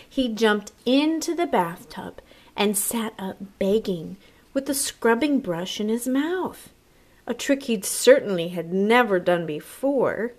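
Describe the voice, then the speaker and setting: A woman teacher reading a picture book aloud to children, slow and expressive, pausing for little asides to her listeners. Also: on the high side.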